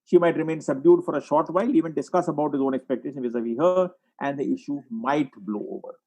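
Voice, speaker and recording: A man giving a webinar lecture as a psychiatrist, walking through case examples and often clearing his throat. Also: fairly high pitch, fast talker, a little mellow, low-quality recording. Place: online webinar.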